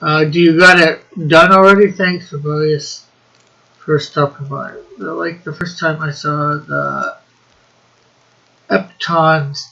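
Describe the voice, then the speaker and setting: A man's voice: a little high, flat delivery, slow, gravelly, pushed and bright, lo-fi sound. A man co-hosting a casual live stream, chatting and reading out viewer comments in a drawling way. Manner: reads out chat messages, drawling.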